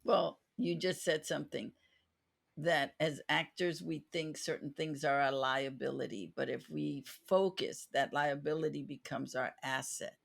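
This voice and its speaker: A woman's voice: low-pitched, fairly even intonation, measured pace, vocal fry. A woman hosting a podcast interview, talking in an earnest, reflective way with frequent restarts. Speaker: podcast host. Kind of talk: casual interview chat.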